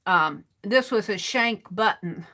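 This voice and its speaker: A woman's voice: medium pitch, lively intonation, slow, sharp tone. A woman hosting an art livestream from her desk, chatting to viewers and narrating her crafting as she works. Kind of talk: casual craft demo livestream.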